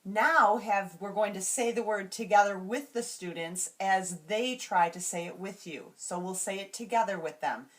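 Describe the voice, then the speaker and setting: A woman explaining classroom reading routines to teachers, slowly and carefully, and modeling each word sound by sound. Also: medium pitch. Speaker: teacher trainer.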